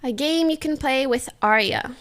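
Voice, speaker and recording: A woman's voice: high voice, moderate pace. A young woman livestreamer in casual, playful chat, giggling as she sounds out foreign phrases.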